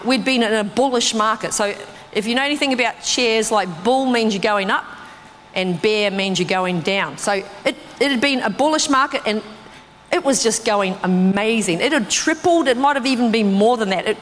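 Animated woman preaching in a reverberant hall. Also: moderate pace, slight background noise. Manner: animated storytelling, acting out her own reactions with big pitch jumps. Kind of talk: sermon with personal testimony.

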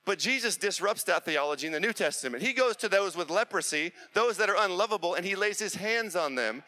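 A middle-aged male pastor preaching a sermon with urgent, repetitive exhortation that builds to impassioned near-shouting. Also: sits high, lively intonation, fast talker, hardly any pauses.

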